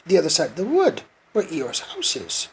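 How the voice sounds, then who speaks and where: A father doing a tiny, nervous storybook piglet with a squeaky, breathy little voice that rises when he frets. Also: wildly swooping pitch, normal speed, full character voice. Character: small, timid male piglet, nervous.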